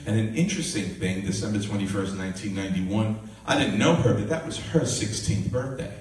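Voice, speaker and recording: A man's voice: fairly low pitch, a little fast, background noise. Older man telling his testimony, echoey. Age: 60s. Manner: animated storyteller, acts out dialogue, laughs often. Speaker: minister. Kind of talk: testimony storytelling. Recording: echoey room, voice from a distance.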